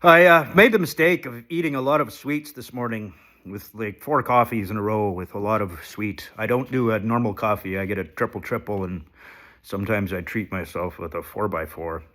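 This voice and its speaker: A man records a casual confessional vlog on a handheld phone while ill, shaky and stuffed up. He speaks at normal speed in a fairly low voice with a fairly bright tone. His talk is rambling, sweary and self-deprecating.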